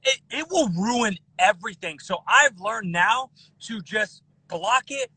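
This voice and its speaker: A man in his thirties guesting on a podcast, talking in an animated way with lots of restarts and repeated words. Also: high voice, unhurried, breathy edge, no echo, low-quality recording. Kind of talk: casual podcast chat.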